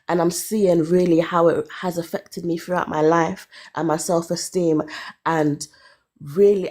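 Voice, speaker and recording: A woman in her thirties telling her own story in casual chat, candid and animated, with sighs and laughs. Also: medium pitch. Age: 30s. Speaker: caller.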